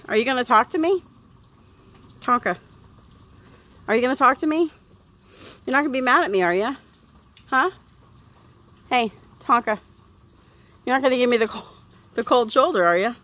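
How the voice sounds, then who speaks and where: While giving her dog a bath by a pool outside, a woman vlogger chats easily with her audience and coaxes the dog in a sing-song way. Her voice is on the high side and fairly bright.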